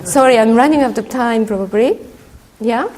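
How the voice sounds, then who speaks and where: A woman giving a keynote talk in a conference hall, halting often with fillers. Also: a little high, darkish tone. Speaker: keynote speaker.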